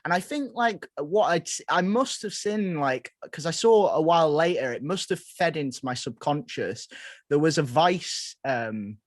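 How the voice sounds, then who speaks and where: A man's voice: fairly high pitch, animated, moderate pace, no echo, studio quality. A young man from England, a podcast guest, talking eagerly in casual chat. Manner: enthusiastic, fillers and restarts.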